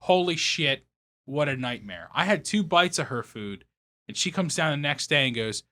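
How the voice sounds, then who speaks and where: His voice on the high side and his pace moderate, this young comedy podcast co-host trades casual banter, animatedly telling stories full of swearing and performed quotes.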